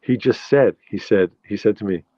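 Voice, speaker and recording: A man's voice: lowish voice, normal speed, warm tone, no echo, highs cut off. A man from New York hosting a live-stream chat, telling rambling anecdotes with many restarts and answering viewer comments. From New York, USA. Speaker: show host.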